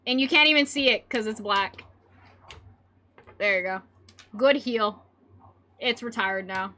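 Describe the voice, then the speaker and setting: High, bright-voiced giggly woman streamer. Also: a little slow. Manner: rambling and giggly, chatting with viewers. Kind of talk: casual stream chat.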